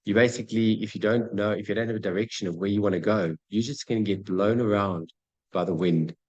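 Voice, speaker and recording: Calling his listeners "guys," a motivational speaker addresses them directly about goal setting, energetically acting out small scenes and dialogue. He speaks a little fast in a lowish voice, and the recording sounds muffled.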